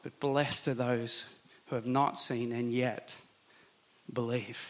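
A man giving a sermon, talking it through conversationally and slowing down to stress key words. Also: medium pitch, level tone, a bit bright. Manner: conversational, reflective, with slow emphatic stresses. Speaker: pastor.

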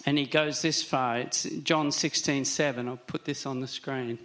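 Male pastor, mid-pitched voice, conversational sermon delivery, slow emphatic stresses. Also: fairly even intonation, fairly bright tone.

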